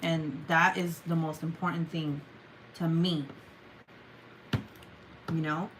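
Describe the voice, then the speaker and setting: A woman's voice: low-pitched, level tone, slow pace, noisy background. A woman with a Mexican Spanish accent, a native Spanish speaker, hosting a casual livestream chat and reading out viewer comments in a chatty, profane way, with lots of "like" and "um". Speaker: livestream host.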